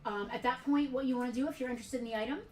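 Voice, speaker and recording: A woman's voice: high-pitched, steady tone, racing, a little mellow, distant mic. A woman co-hosting a live sale stream in a casual, rambling way, with many fillers. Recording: roomy, from off the mic.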